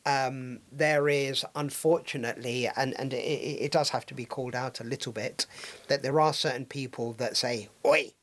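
A man's voice: mid-range voice, fairly even intonation, moderate pace. Hesitant man hosting a discussion. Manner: hesitant, many fillers and restarts. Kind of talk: casual discussion.

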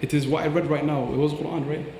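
A man's voice: fairly high pitch, flat delivery, fast talker, dark tone, reverberant, in a large hall, a little hiss or hum. A man teaching about Quran recitation on a podcast, earnest and explanatory, demonstrating pronunciations aloud.

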